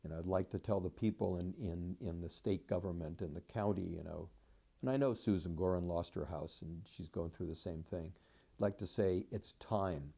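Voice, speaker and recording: A man's voice: deep voice, moderate pace, gravelly, warm tone, slightly rough. A man who lost his home in a fire, talking bluntly about his frustration with rebuilding delays. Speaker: fire survivor interviewee. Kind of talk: frank personal account.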